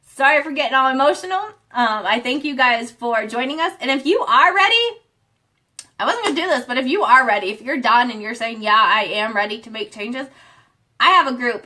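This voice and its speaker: A woman's voice: fairly high pitch, brisk, sharp tone. A woman coaching viewers in a motivational live stream. She speaks earnestly and gets fired up, rambling with restarts. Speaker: accountability group coach.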